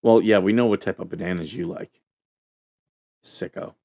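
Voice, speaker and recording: A man who served as a Marine, hosting a casual call-in show and telling a story in a relaxed, rambling way with lots of fillers. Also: deep voice, normal speed, no room sound. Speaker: show host, Marine veteran.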